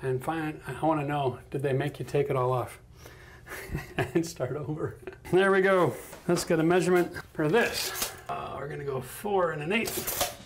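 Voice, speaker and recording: A man's voice: on the high side, moderate pace, slight background noise. A man with a chatty, self-mocking manner who laughs often, teaching a casual DIY tiling tutorial on a bathroom job site. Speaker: renovation instructor.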